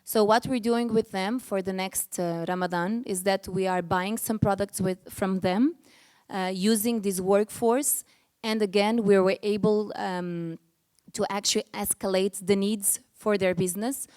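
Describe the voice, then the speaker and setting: A woman's voice: mid-range voice, steady tone, unhurried, darkish tone, smooth. A middle-aged woman speaking on a panel, earnest and often restarting her sentences. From Portugal. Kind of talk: panel discussion.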